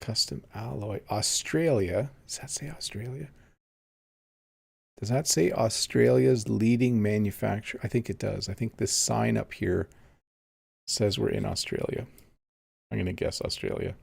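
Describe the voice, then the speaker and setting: A man's voice: on the low side, measured pace, creaky, husky. A man teaching English on a casual live stream, chatting easily and reading viewer comments aloud while he plays a game. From Canada.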